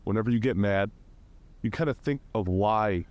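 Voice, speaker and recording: Low-voiced man hedging as host. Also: normal speed, darkish tone. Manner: tentative, hedging. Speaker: podcast host. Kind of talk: casual interview chat.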